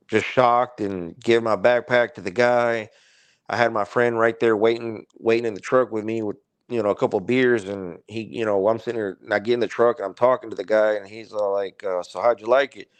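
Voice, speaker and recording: A man's voice: fairly low pitch, steady tone, normal speed, smooth, no room sound. A man guest on a podcast, telling a story in a casual, rambling way, full of swearing and "like". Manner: rambling, profane, heavy use of "like".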